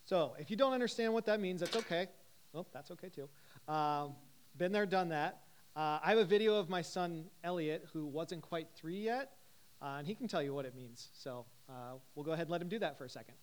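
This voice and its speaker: A man's voice: on the high side, animated, fairly quick. Man giving a chatty evening teaching talk. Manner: conversational, frequent "uh" fillers, asks the audience questions. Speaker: teacher at a Christian ministry gathering. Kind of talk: casual teaching talk to a live group.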